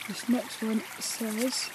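A vlogger with an English accent chatting quietly and rambling while walking by a river in the woods. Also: mid-range voice, flat delivery, slow, background noise. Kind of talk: casual walk-and-talk vlog. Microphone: camera carried while walking.

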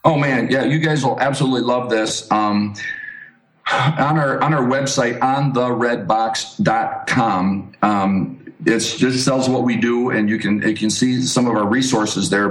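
A man being interviewed as a street evangelist, telling a story with animated energy and frequent restarts. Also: mid-range voice, measured pace. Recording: roomy echo.

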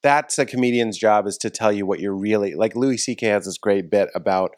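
Podcast host, male, low voice, dry close sound, loose rambling talker. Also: brisk, dry recording. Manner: rambling, self-interrupting, with frequent restarts. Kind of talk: casual conversation.

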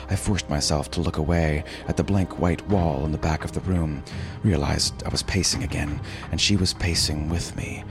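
A man reading a first-person story aloud in a measured, dramatic narrating voice. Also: rumbling low, steady tone. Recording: narration over background music.

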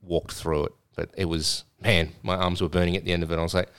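Quick-talking, deep-voiced Australian man. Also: flat delivery, fairly bright tone, clean tone, no room sound, clean studio sound. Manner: quick, curious, self-deprecating. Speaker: podcast co-host. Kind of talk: casual podcast chat.

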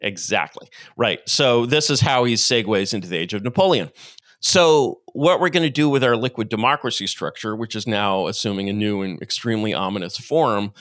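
Lower-voiced man lecturing in dry sound. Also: moderate pace, dry recording. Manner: animated lecturing with playacted quotes. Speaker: podcast guest. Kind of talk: long-form interview monologue.

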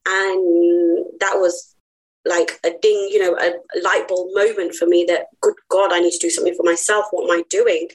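A woman's voice: fairly low pitch, flat delivery, moderate pace, low-quality recording. A woman guest on a podcast, earnest and heartfelt as she tells her personal story. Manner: earnest, heartfelt, laughs easily.

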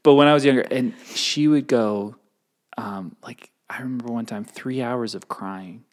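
A man's voice: medium pitch, moderate pace. Rambling, self-deprecating man chatting. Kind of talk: casual chat.

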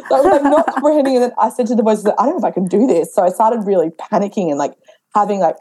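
Fast-talking young woman with a mellow tone. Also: mid-range voice. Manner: animated storyteller, acts out her own past dialogue. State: pregnant. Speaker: podcast guest. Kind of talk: casual interview chat.

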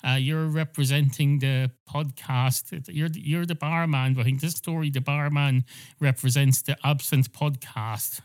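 A man's voice: fairly high pitch, fairly even intonation, a little slow, close to an everyday voice. Talking pub cat, male, pedantic and chatty, Irish lilt, as an Irish man puts him on. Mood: fussy. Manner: argumentative, fussy over words.

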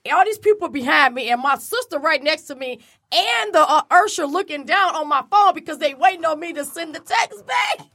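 Middle-aged woman co-host, high bright voice, animated storyteller. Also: brisk, few pauses. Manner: animated storyteller, bursts into laughter. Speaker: podcast co-host. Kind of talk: casual chat.

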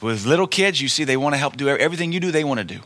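A man delivers a sermon with a bright, forceful voice that cuts through. He preaches emphatically and tells folksy stories. He hammers his points home by repeating key lines. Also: mid-range voice, expressive, racing.

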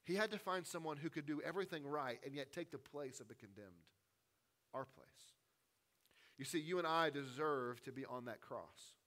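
A man, a pastor, preaching a sermon, with a delivery that swings from hushed, intimate lines to loud, rising appeals. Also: on the high side, normal speed.

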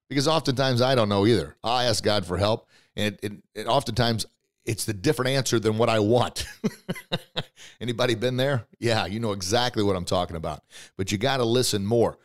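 Male motivational podcast host, middle pitch, energetic and punchy, acts out story voices. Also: normal speed. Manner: punchy, repeats short phrases for emphasis.

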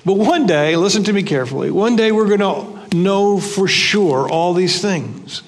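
An older male pastor preaches in a church sanctuary with a fairly high voice. He talks conversationally and repeats key phrases for emphasis. His words trail off into a long reverb. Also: animated, normal speed. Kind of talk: sermon.

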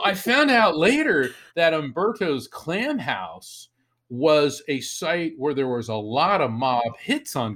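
A man tells a story as a guest on an interview show, with a lively, animated delivery. He acts out the lines of the people in it, raising his voice for each quoted line. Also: mid-range voice. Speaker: psychic medium, author.

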